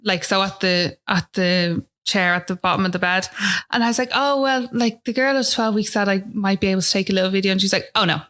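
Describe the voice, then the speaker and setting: A woman's voice: mid-range voice, fairly quick, fairly bright tone. A woman with an Irish accent, a podcast guest telling a personal story in a chatty way, often asking "do you know what I mean".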